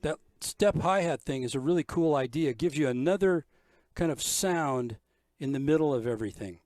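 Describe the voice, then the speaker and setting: An older drum teacher runs a drum clinic, explaining concepts step by step and counting beats out loud. His fairly high voice is animated and a little mellow, at normal speed, with music from the drum kit playing behind him.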